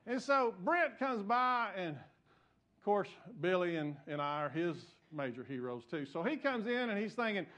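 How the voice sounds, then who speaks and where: Male pastor, high voice, jokey self-deprecating sermon delivery, restarts often. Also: big pitch swings, unhurried, a bit bright. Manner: joking, self-mocking storytelling with frequent restarts.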